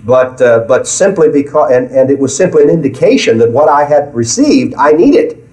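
A man with a medium-pitched, warm, sing-song voice leads a Bible study at normal speed, preaching earnestly. He repeats phrases as he searches for words, and the recording is echoey with a distant mic.

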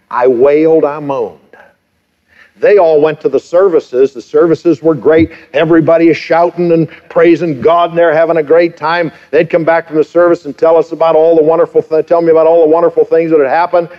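A middle-aged man preaching a sermon, telling stories and shifting between lively and hushed delivery. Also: medium pitch, dull audio. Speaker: pastor.

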